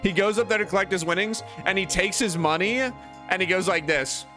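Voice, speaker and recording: A young man streamer telling a long funny story in casual chat, animated and full of "like" fillers, acting out the people in it. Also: high voice, a little fast, over music. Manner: animated, many "like" fillers, acts out other voices.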